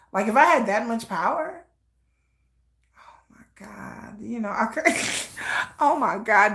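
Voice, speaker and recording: Lively, bright-voiced woman streamer. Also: mid-range voice, gravelly. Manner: animated, playfully acts out imagined scenes. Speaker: live reaction streamer. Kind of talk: comedic live-stream monologue. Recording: echoey room.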